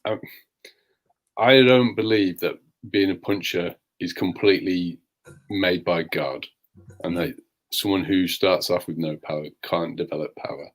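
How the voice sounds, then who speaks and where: A man on a live talk show lays out his views in a measured, steady way. His voice sits very low, calm and unhurried. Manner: measured, opinionated. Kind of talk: casual talk show discussion.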